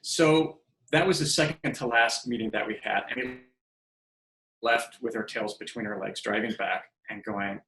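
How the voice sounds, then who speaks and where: A man's voice: medium pitch, normal speed, reverberant, low-quality recording. A man in his fifties, a podcast guest telling stories casually and acting out the dialogue he quotes. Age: 50s. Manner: animated storyteller who acts out quoted dialogue. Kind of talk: casual storytelling interview.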